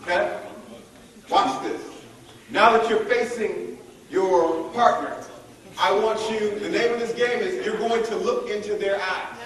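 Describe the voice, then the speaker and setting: High-voiced man leading a lively workshop. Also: a little slow, a crowd in the background. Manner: energetic, animated, playful, addressing a live group. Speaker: workshop speaker. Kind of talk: motivational leadership workshop. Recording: echoey room from far off.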